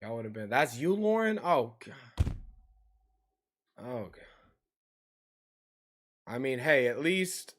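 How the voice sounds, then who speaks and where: A man's voice: mid-range voice, animated, takes it slowly, long pauses, a bit bright. A man streaming live, chatting with viewers in a loose, slangy way that often trails off. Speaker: livestreamer.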